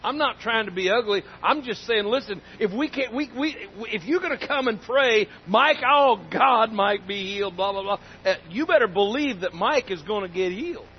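High-voiced man preaching a folksy sermon. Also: animated, fairly quick, few pauses, highs cut off, a little hiss or hum. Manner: emphatic and folksy, repeats key phrases. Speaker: pastor.

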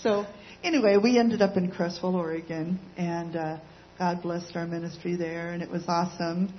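Lively woman sharing a ministry story. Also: lowish voice, normal speed, a little hiss or hum. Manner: lively, chiming in and finishing her husband's sentences. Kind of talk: conversational testimony. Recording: slightly dull lo-fi sound.

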